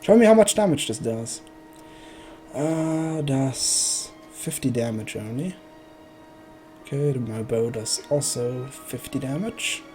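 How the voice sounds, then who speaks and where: A man's voice: mid-range voice, lively intonation, slow pace, over music. A man streaming a video game, joking and thinking aloud as he plays. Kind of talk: casual let's play commentary.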